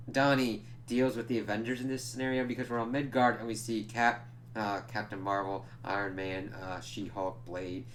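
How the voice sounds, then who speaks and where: A man's voice: fairly low pitch, fairly bright tone, slight background noise. A man casually reviewing a comic book, rambling a little as he retells the plot.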